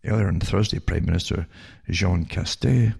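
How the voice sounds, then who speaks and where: An older man with a Scottish accent reads out news stories in a sardonic tone and keeps cutting in with mocking asides. His voice sits very low and is thick with gravelly fry. It sounds rough and husky throughout. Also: moderate pace, a little mellow. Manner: sardonic, asides like "eh?" and rhetorical questions. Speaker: radio talk show host. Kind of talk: reading news items aloud with sarcastic commentary.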